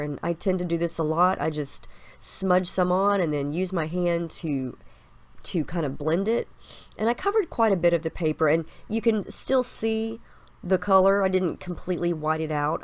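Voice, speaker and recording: A woman's voice: lowish voice, no echo. A woman with a stuffy cold, chatting upbeat through her scrapbooking steps in a casual voice-over. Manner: chatty and upbeat, explaining each step. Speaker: scrapbooking crafter. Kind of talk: casual process video voice-over.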